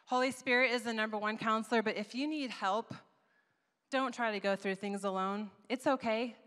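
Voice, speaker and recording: A woman giving a sermon at a conference, telling a story with lively, acted-out asides. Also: on the high side, normal speed. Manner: animated storytelling, acts out her own past voice. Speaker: conference speaker. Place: church auditorium. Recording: long reverb of a large hall.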